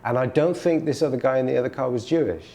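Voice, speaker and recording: A man's voice: mid-range voice, quick pace, creaky, dark tone. A man in an oral history interview, telling a childhood story in a reflective, storytelling way with frequent restarts. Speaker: musician recalling his childhood.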